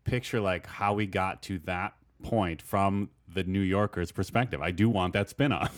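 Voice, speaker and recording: A man's voice: deep voice, fairly even intonation, moderate pace. A man in casual podcast chat, rambling and thinking aloud with many "like" fillers, often laughing.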